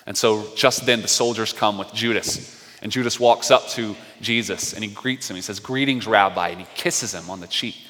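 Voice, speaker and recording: Bright-voiced male pastor in a hall. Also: lowish voice, moderate pace. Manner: animated storytelling, acting out quotes. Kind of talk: sermon retelling a story.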